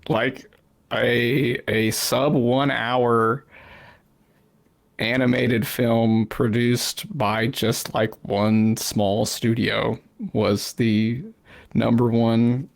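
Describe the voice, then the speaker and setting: A man's voice: mid-range voice, flat delivery, very slow, gravelly. A man hosting a podcast, chatting casually in a rambling way, laughing often and swearing freely. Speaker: podcast host. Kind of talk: casual chat.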